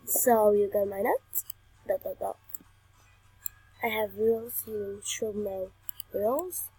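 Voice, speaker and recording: A woman's voice: mid-range voice, fairly even intonation, slow, dark tone, slightly rough, no echo, poor audio. A young woman playing a video game, reading the on-screen text aloud and chatting playfully as she plays. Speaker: gamer. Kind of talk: game commentary.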